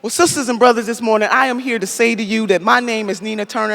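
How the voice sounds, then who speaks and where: A woman giving a fiery political rally speech in a large hall, with a preacher-like cadence, repetition and loud shouted build-ups. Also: fairly high pitch, fairly even intonation, fast talker, hardly any pauses, noisy background. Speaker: rally speaker. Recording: long hall reverb, faint crowd.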